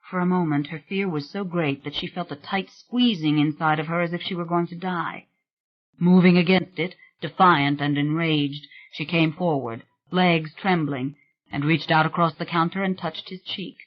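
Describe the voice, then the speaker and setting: An audiobook narrator giving a measured, scripted reading of a gothic thriller novel. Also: medium pitch, muffled recording.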